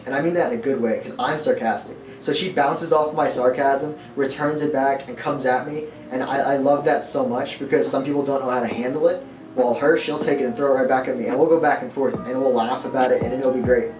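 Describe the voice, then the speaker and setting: A young man speaks earnestly and thoughtfully about his girlfriend, in a mid-range voice. He sounds set back from the mic in an echoey room, with music clearly under him. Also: mid-range voice, fairly even intonation, a little fast. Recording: roomy, distant, music behind.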